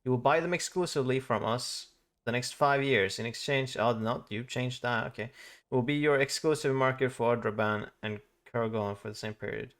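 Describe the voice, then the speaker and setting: A man's voice: mid-range voice, steady tone, brisk. A man streaming a video game, chatting casually, swearing often and reading the game's text aloud. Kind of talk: casual live-stream commentary.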